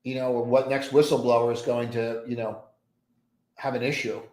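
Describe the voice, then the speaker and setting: A man's voice: mid-range voice, flat delivery, moderate pace, darkish tone. A man hosting a live pre-market trading stream, rambling through his thoughts and trailing off into mumbles at his desk. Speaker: trading livestream host. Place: home trading desk with many monitors. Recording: roomy echo.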